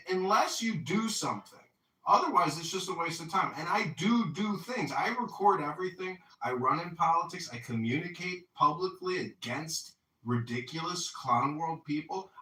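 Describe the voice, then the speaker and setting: Bright-voiced man telling stories, roomy sound. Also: fairly high pitch. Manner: animated storyteller, acts out others' lines. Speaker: podcast host. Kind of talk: casual group chat storytelling. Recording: roomy and distant from the mic.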